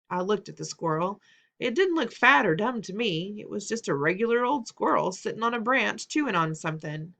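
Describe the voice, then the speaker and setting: A woman's voice: mid-range voice, lively intonation, a little fast, vocal fry, fairly bright tone. Woman reading a children's novel aloud. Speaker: audiobook narrator.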